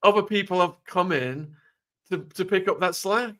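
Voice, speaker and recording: A man's voice: sits high, normal speed, a bit bright. A man with a British accent hosting an interview, pushing back bluntly with questions. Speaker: host. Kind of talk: interview discussion.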